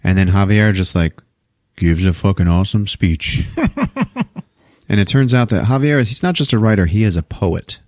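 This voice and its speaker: A man hosting a podcast, recapping a movie in casual, profane, animated storytelling. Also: low voice, normal speed, dry recording, clean studio sound. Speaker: podcast host.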